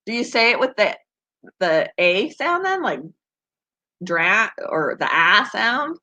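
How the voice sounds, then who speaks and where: Slow-paced but very animated, this woman's medium-pitched voice has a sharp tone. She's a pet channel host from Canada with a Canadian accent, chatting casually and giggly on a live stream while responding to viewer comments.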